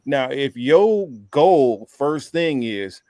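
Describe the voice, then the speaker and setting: A man's voice: mid-range voice, expressive, extremely slow, darkish tone, no room sound. A man hosts a casual podcast in an easy, laid-back way. His voice sits in the middle range and is recorded dry and close, and he acts out the lines of people in his stories. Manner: laid-back storytelling, acting out quoted exchanges. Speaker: podcast host. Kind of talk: casual chat.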